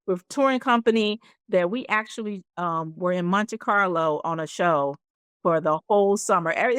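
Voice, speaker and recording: A middle-aged actress telling stories as a guest in an interview, acting out the voices of people in them. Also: female voice, mid-range voice, smooth, no room sound, clean studio sound. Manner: animated, acts out voices in her stories. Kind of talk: storytelling interview.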